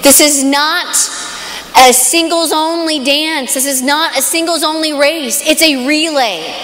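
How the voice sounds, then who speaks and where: Young woman speaker at a youth conference, excitable storyteller, reverberant live hall. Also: high voice, measured pace, a little hiss or hum. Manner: animated storytelling, excited exclamations. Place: large hall.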